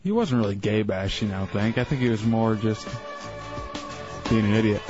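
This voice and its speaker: A man's voice: lowish voice, moderate pace, highs cut off, over music. Dry sarcastic male radio co-host. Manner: dry, sarcastic put-downs. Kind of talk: casual radio banter.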